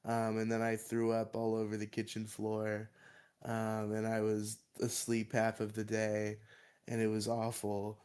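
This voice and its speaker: A man's voice: fairly low pitch, monotone, measured pace, darkish tone, clean tone. A young man, congested and coughing, rambling and swearing casually as a podcast co-host. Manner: swears freely, rambling and defensive.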